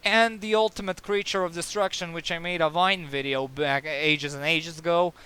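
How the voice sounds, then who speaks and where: A man's voice: on the high side, steady tone, normal speed, pushed and bright, clear, resonant tone. A man giving a casual card game review, sarcastic and exasperated, with many fillers and restarts.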